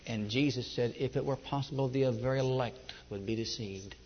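A middle-aged man preaching a sermon, telling his own testimony with passion, moving between loud, high outbursts and low, hushed stretches. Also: normal speed, a little hiss or hum. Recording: dull echoey hall recording.

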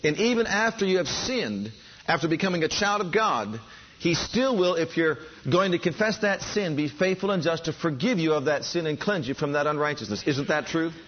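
A man's voice: a little high, expressive, moderate pace, a little hiss or hum. A man preaching a sermon, fervent and building enthusiasm, calling on his listeners to respond. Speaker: pastor. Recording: dull lo-fi sound.

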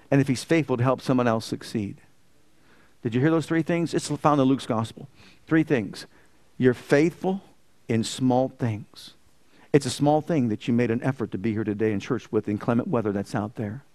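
A man's voice: medium pitch, a little fast, darkish tone. A man preaching a sermon as pastor, asking the congregation rhetorical questions and rising in emphasis.

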